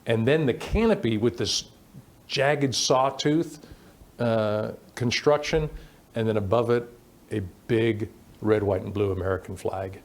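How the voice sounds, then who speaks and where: A middle-aged man telling animated stories as an interview guest, acting out quoted dialogue as he goes. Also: lowish voice, unhurried. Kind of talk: storytelling in a conversational interview.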